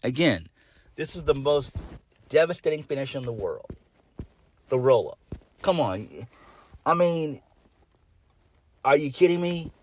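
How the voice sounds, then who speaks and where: A man's voice: fairly high pitch, expressive, a little slow, pauses often, darkish tone. A man giving a casual solo review of a wrestling show, blunt and exasperated, swearing freely and trailing off into fillers.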